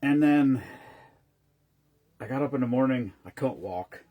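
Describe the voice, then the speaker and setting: A man's voice: medium pitch, measured pace, mellow. A man casually chatting on a live stream, rambling between stories and greeting viewers by name as he mixes drinks.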